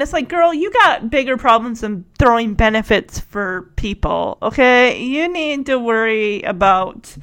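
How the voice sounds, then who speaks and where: A woman's voice: a little high, animated, a little slow, few pauses, a bit bright, smooth. A woman hosting a casual recap chat, talking in a chatty, sarcastic way and laughing often.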